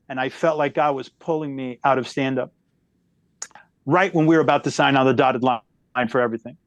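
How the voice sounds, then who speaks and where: Animated man telling a story, slightly high voice. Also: moderate pace, no echo, dull audio. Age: middle-aged. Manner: animated storyteller who shifts pace a lot. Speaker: guest comedian. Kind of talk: storytelling in a podcast conversation.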